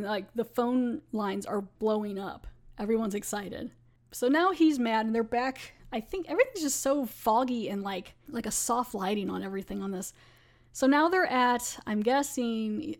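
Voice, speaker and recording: Casting: chatty woman podcast host, slightly high voice, loose casual recap. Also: moderate pace, a little mellow. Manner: chatty, lots of "like".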